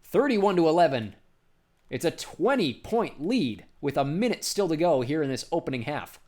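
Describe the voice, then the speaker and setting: A man doing basketball play-by-play commentary, briskly calling each pass and lifting his voice on big shots. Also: on the high side, sing-song, darkish tone.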